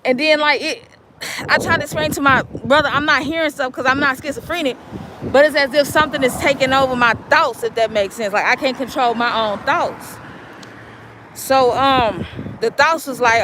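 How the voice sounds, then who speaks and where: A woman vlogging outdoors on a city street while waiting for a bus, telling a story in an animated, emphatic, colloquial way. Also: high-pitched, moderate pace, noisy background. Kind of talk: casual storytelling vlog.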